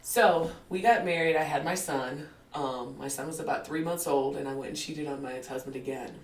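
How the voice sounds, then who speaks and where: Animated woman storyteller, distant roomy mic. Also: sits low, brisk. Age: 40s. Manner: animated storyteller who acts out quotes and laughs often. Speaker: podcast guest. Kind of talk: casual storytelling in an interview.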